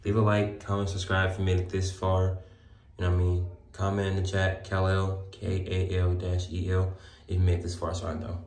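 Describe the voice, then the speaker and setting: Young man, low voice, casual slangy vlog, phone camera in a hospital room. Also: monotone, fast, a little mellow. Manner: laid-back, slangy, talks to viewers. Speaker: vlogger.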